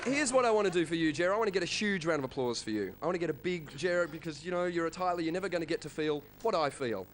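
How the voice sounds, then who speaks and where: A man with an Australian accent doing an energetic stand-up routine, working the crowd and shouting impressions. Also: fairly high pitch, fast, few pauses. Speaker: stand-up comedian. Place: comedy club stage. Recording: live comedy club with crowd and noise.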